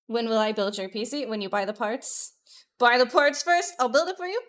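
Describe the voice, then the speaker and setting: A woman VTuber streamer chatting casually with her live viewers, excitable and profane, jumping between loud bursts and muttered asides. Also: fairly high pitch, a little fast.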